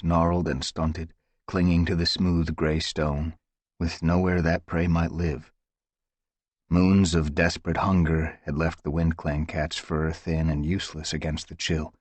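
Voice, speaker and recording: Man, audiobook narrator, deep husky voice, dry close sound. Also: darkish tone, dry recording. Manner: measured, dramatic storytelling. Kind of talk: scripted narration.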